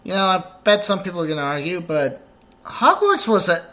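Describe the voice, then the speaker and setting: A man's voice: high-pitched, very animated, a little fast, pushed and bright. A man giving rambling, joking let's play commentary while he plays.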